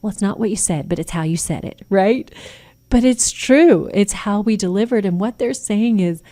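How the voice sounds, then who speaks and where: With a mellow, mid-range voice, an American woman hosts a Christian radio show, earnestly advising on parenting and acting out sample phrases. She's a radio host and a nurse practitioner.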